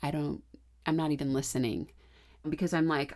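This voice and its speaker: Middle-aged woman, parenting podcast co-host; lively anecdotal storyteller who laughs easily. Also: low voice, moderate pace. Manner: animated, laughing storyteller who acts out quotes. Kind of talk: casual conversational storytelling.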